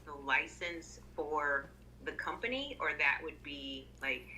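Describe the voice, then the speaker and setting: A woman's voice: sits low, lively intonation, slow, bright, forceful tone, a little hiss or hum, poor audio. A woman student asking questions in class in a hesitant way, with many fillers.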